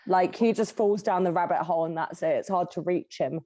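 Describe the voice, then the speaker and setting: A woman's voice: on the low side, fairly quick, mellow. A young adult woman co-hosting a casual chat, talking in a chatty way and saying "like" a lot. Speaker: podcast co-host.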